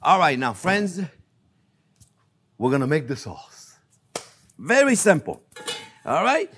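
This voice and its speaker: A man's voice: on the high side, wildly swooping pitch, slow pace, a bit bright, slight background noise. An older man from France with a French accent, hosting a casual cooking demonstration, chatty and self-amused, often calling viewers friends. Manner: chatty, repeatedly calls viewers friends, laughs at himself. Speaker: cooking show host.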